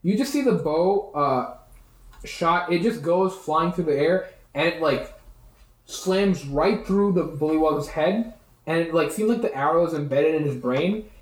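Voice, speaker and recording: A man's voice: a little high, unhurried, roomy sound, poor audio. A man narrating as game master of a tabletop game in a loose, rambling way full of fillers.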